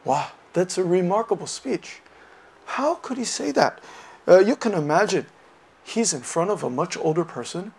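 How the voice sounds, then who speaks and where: Man, Buddhist teacher, lecture, hesitant with fillers, animated storytelling, fairly high voice, gravelly. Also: moderate pace. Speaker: dharma teacher.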